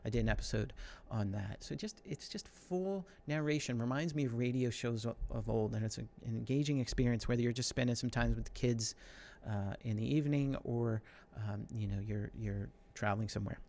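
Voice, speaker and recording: A man's voice: mid-range voice, a little mellow. Chatty man giving a tech talk. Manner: conversational, filler-heavy, quick asides. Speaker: conference speaker.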